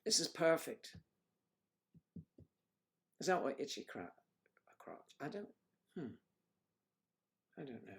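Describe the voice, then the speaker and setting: A man's voice: fairly high pitch, very animated, slow, long pauses. A middle-aged man hosting a casual livestream, joking and chatting with viewers and reading out their comments. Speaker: livestream host.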